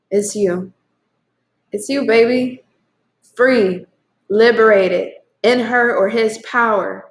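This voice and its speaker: A woman's voice: medium pitch, a little hiss or hum. A woman giving a casual tarot reading to camera, effusive and swearing freely as she talks straight to her viewers. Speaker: tarot reader. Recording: echoey room.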